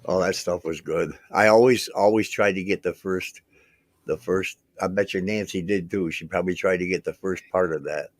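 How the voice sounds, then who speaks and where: A man's voice: low voice, fairly even intonation, moderate pace, dry recording. An older man in a casual video call chat, teasing his friends and laughing often.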